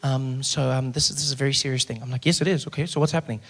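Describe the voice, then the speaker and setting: A man in his thirties from South Africa telling a stand-up story on stage, acting out every character with sudden loud outbursts. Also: mid-range voice, steady tone, racing. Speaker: stand-up comedian. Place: theater stage before a live audience.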